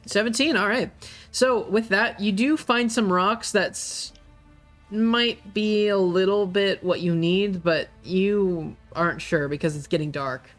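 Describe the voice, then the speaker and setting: A man's voice: sits high, a little slow, a bit bright, faint music behind. Casual male game master with fillers. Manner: casual, hesitant, many fillers. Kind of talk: narrating a tabletop game.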